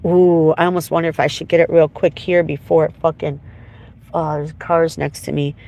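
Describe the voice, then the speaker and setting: A woman rambles and vents in a raw, emotional monologue, swearing freely as she talks to her livestream viewers. She speaks from inside a moving car, with clear road noise running under her voice. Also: low voice, flat delivery, moderate pace, mellow, rough recording. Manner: emotional, profane, venting.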